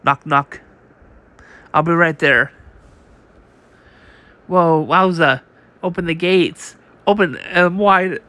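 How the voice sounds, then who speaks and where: A man's voice: fairly high pitch, slow pace, long pauses, pushed and bright. A man reading a comic aloud on his channel. His reading is casual and unpolished, with frequent restarts and read-out sound effects.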